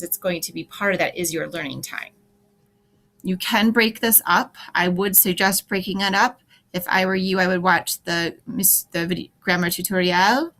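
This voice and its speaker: A woman's voice: fairly low pitch, a bit bright. A woman teacher recording a tutorial for her students, talking them step by step through each click with practical, encouraging advice. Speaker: French teacher. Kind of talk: screen-recorded class tutorial.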